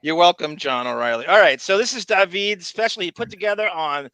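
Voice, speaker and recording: Bright-voiced animated male podcast host. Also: high-pitched, a little fast, dry recording. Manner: animated, laughs often, reads viewer messages aloud. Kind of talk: casual livestream chat.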